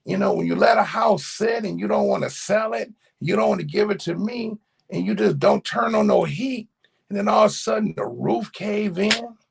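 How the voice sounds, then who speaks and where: A middle-aged man telling family stories in a casual monologue, animated and profane. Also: high voice, vocal fry, slightly rough. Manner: animated storytelling, profane slang. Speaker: commentator.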